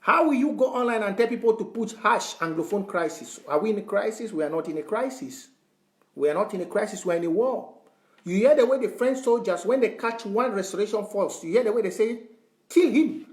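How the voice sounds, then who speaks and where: Male activist, high voice, impassioned and lecturing, roomy echo. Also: animated, fairly quick. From Southern Cameroons. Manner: fervent, repetitive, lecturing. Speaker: online activist. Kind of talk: impassioned address to followers.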